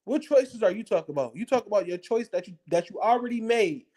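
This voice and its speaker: Heated rant, blunt, profane, combative, repetitive, middling pitch. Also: animated, quick pace, warm tone. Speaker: political commentator. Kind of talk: heated ranting monologue.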